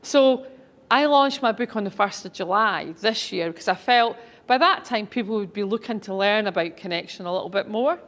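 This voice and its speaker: A woman's voice: medium pitch, lively intonation, moderate pace, fairly bright tone. A middle-aged woman, a speaker and author, telling anecdotes to an audience in a chatty, enthusiastic way. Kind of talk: storytelling talk to an audience.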